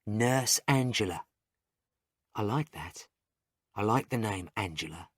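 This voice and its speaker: A man reads a first-person story for English learners at a slow, even pace. His short sentences are plain and carefully spaced. The sound is dry and close, with no room echo. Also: lowish voice. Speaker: story narrator. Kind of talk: graded reader story narration for English learners.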